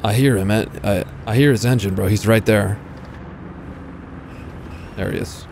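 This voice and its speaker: A man giving casual commentary over his own gameplay, excitable, swearing freely and talking to enemy tanks. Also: fairly low pitch, moderate pace, gravelly, pauses often, slight background noise. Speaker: gaming YouTuber.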